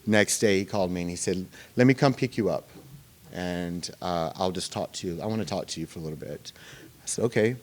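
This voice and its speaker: A man telling his recovery story to a meeting in a loose, conversational way. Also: low-pitched. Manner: conversational storytelling, many fillers and pauses. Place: meeting room.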